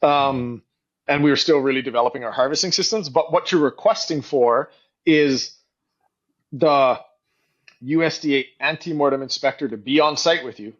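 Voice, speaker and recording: Animated storytelling man, lo-fi sound. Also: mid-range voice, normal speed. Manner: animated storyteller, acts out quoted voices, frequent "like". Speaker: guest, company co-founder and CEO. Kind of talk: casual podcast storytelling.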